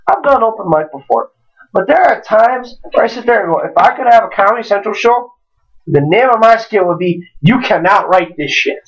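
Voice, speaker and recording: A man casually telling a comic story on a home podcast, rambling, animated and swearing when worked up. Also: high-pitched. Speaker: podcast co-host. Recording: distant, dull lo-fi home recording.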